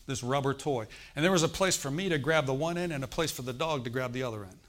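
Animated preaching man, higher voice. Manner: animated, acts out quoted voices, swings from hushed to loud. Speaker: pastor. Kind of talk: sermon storytelling.

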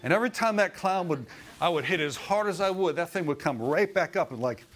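A middle-aged man preaching a sermon in church, folksy and animated, chuckling often and calling out for amens. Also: sits high, brisk, noisy background.

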